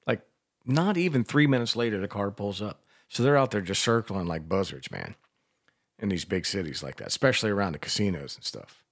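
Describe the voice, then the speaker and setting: A man in his sixties talks on morning radio with a fairly low voice. He tells long, rambling stories laced with profanity and quick self-mocking laughs. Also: lively intonation, no room sound, clean studio sound. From Washington, D.C. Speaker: radio co-host. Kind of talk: casual radio banter.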